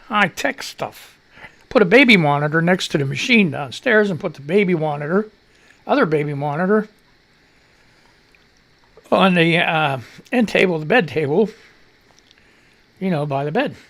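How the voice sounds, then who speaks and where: Guy hosting a radio show, gravelly and kinda high, voice jumps all over while he rambles on. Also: fairly bright tone. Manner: chatty storytelling, frequent fillers and mild cursing. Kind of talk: casual rambling monologue.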